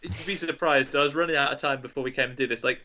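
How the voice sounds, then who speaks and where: A man's voice: mid-range voice, fairly even intonation, fast talker, sharp tone, muffled recording. A man running a casual podcast quiz, reading out clues in a playful, teasing way. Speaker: quizmaster.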